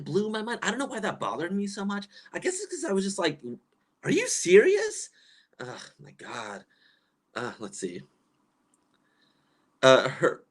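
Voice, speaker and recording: A man's voice: mid-range voice, a bit bright. A man hosting a casual livestream, reading chat comments aloud and reacting with incredulous, exasperated laughter, rambling with lots of fillers and restarts.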